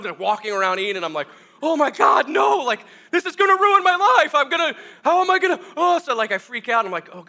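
Animated, bright-voiced male pastor storyteller. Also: sits high. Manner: animated, self-mocking storyteller acting out scenes. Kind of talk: comic storytelling sermon.

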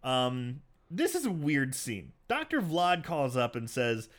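A man's voice: mid-range voice, slow. A man in casual chat, retelling a film scene by scene, cursing freely and acting out the lines. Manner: animated, swears, acts out movie lines in put-on voices. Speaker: podcast co-host recapping a movie.

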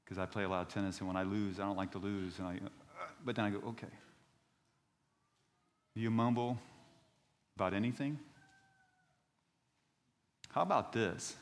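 A man in his fifties, a pastor preaching a sermon in a church, telling stories and rising to loud outbursts when he reads scripture. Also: on the low side, normal speed, pauses often, in a large hall. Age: 50s. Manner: animated storytelling preacher, voice rising to shouts on scripture.

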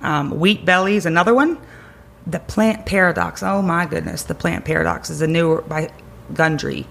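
A woman chiropractor talking with energy and emphasis, repeating her key words for stress. Her voice has a creaky, gravelly edge at a middle pitch. Faint noise sits under the recording. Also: sing-song, moderate pace, a bit bright. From Greenville County area, South Carolina. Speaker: chiropractor guest. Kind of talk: energetic advice-giving conversation.

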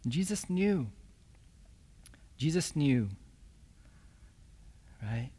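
A man's voice: fairly high pitch, animated, extremely slow, warm tone, slightly rough. A man preaching a sermon as pastor, reading scripture and explaining it with emphatic, rhetorical "right?" asides. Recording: long hall reverb.

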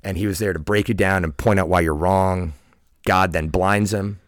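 This podcast guest is a man in his forties with a deep, steady voice and a moderate pace. Reflective and earnest, he tells a personal story conversationally, frequently starting over and leaning on "like." The sound is clean studio audio with no echo.

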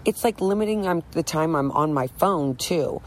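A woman's voice: low-pitched, lively intonation, normal speed, low-quality recording. A middle-aged woman talking candidly about her recovery from drinking, earnest and rambling, often restarting her sentences. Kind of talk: candid personal monologue.

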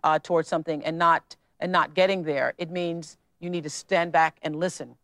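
A woman's voice: low-pitched, fairly even intonation, normal speed, a bit bright, no echo. A woman answering an interview question in an archive clip, speaking earnestly and restarting her phrases as she goes. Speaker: interview guest.

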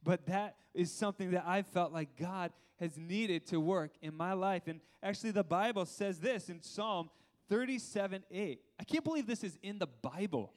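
High-voiced man preaching a lively sermon. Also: normal speed. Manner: lively, laughs often, asks the congregation questions. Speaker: pastor.

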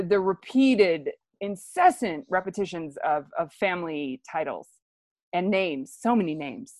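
A woman's voice: medium pitch, dry recording. Enthusiastic woman explaining verse. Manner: enthusiastic, thinking aloud. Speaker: teacher leading a play reading.

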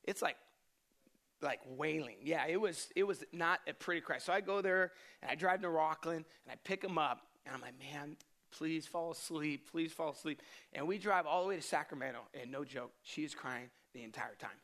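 A man's voice: fairly high pitch, brisk, fairly bright tone. A young adult man preaching a sermon, praying and then telling a candid personal story with many restarts. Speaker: pastor.

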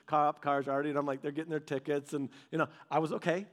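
A man in his thirties delivers a relaxed sermon in a noticeably high voice, talking the way he would chat with friends. He keeps slipping into quick impressions of the people in his anecdotes and restarts his sentences freely as he goes. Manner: animated, acts out quoted voices; conversational, with filler "like" and restarts. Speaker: pastor. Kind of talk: casual storytelling sermon.

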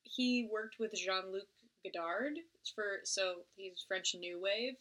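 A woman's voice: medium pitch, slow, a bit bright. A woman in her twenties co-hosting a casual podcast. She makes wry, offhand remarks and swears freely. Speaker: podcast co-host. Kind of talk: casual chat.

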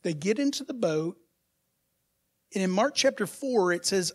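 A pastor preaches a sermon in a high-pitched, husky, expressive voice, unhurried in pace. He poses rhetorical questions to his congregation and swings between soft asides and loud, emphatic bursts.

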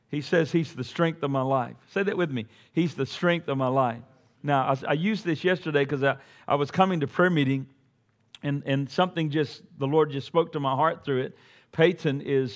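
A middle-aged male pastor delivers a sermon in a church sanctuary, his voice sitting a little higher than most men's. He talks to the congregation conversationally, cracks dry jokes, and then builds to loud, emphatic peaks. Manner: conversational preaching that swells to loud emphatic peaks, with joking asides.

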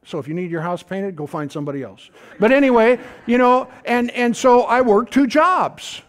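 A middle-aged man preaching a sermon in a folksy, animated way, tossing out asides to the congregation. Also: extremely high pitch, normal speed. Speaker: pastor.

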